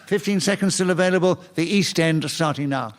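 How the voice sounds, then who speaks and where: A man chairing a radio comedy panel game, giving brisk, genial rulings and reading out scores. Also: fairly high pitch. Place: radio studio with live audience.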